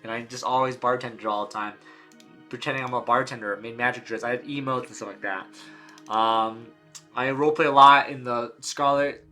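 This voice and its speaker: A man's voice: medium pitch, steady tone, moderate pace, bright, forceful tone, soft background music. A man casually recalling old gaming days, rambling and slangy as he reads old posts aloud. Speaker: gaming video creator. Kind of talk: casual nostalgic retrospective.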